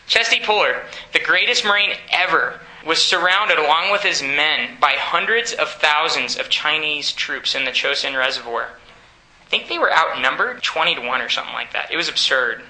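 Bright-voiced man preaching in an echoey room. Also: a little high, animated, normal speed. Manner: earnest, exhorting, asks the audience questions. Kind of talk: sermon.

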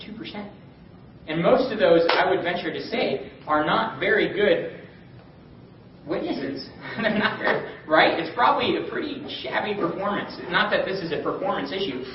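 Man teaching a small group, high voice, lively questions, distant echoey room, dull sound. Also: normal speed, noisy background. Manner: animated, calls on listeners by name. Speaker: Bible study teacher.

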